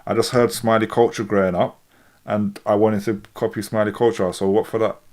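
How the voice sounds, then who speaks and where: Man, forties, London accent, casual live-stream chat, slightly low voice, reads viewer comments. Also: little pitch movement, fairly quick, darkish tone. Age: 40s. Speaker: streamer reacting to music.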